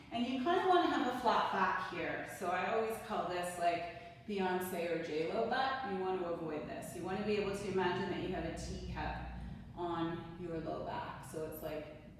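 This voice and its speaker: Calm woman guiding yoga in echoey room. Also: lowish voice, a little hiss or hum. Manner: calm, gentle cueing of breath and movement. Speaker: yoga instructor. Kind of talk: guided yoga instruction. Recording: echoey room from far off, faint ambience.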